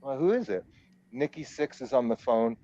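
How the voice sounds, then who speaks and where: A man in his forties, a musician guest, telling his story in a rambling, animated way and laughing at himself. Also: medium pitch, moderate pace. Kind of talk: casual storytelling interview. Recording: dull lo-fi audio.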